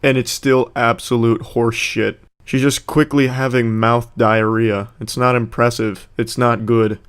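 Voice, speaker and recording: A man giving sarcastic, deadpan commentary on a rap battle video. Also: medium pitch, measured pace, a little hiss or hum. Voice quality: deadpan and mocking.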